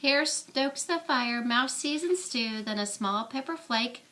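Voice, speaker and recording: Grandmother reading aloud at bedtime, high and lively delivery. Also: a little slow. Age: older. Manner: animated, expressive read-aloud. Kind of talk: reading a picture book aloud.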